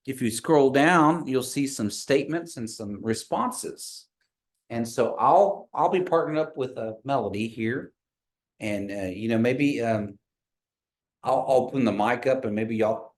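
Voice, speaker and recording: A man teaching a language class, patient and encouraging, slowing down to model each sound. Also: mid-range voice.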